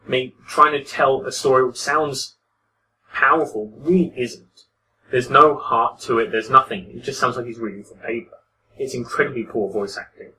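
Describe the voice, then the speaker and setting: Bright-voiced man reviewing a game. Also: medium pitch, steady tone, normal speed, far from the mic, slight background noise, low-quality recording. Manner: critical, conversational, with frequent restarts. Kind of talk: casual commentary over gameplay.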